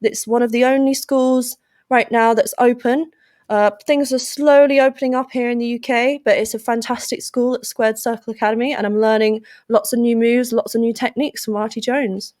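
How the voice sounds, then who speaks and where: A young woman from England with an English accent, chatting lively and playfully as a podcast guest. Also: a little high, moderate pace, no room sound, studio quality. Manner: lively, playful, puts on silly voices. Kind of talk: casual interview chat.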